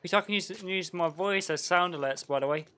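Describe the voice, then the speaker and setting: A man talks his way through a video game stream in a loose, chatty manner. His voice sits a bit high for a man, and he laughs easily and reacts loudly to surprises. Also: quick pace. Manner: excitable, chatty, laughs often, mild slang. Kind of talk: casual game-stream commentary.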